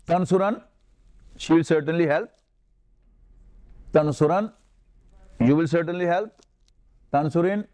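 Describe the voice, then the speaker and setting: An older man from Pakistan whose first language is Urdu, teaching Arabic grammar in a classroom lecture and slowly drilling verb forms. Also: on the high side, a little mellow.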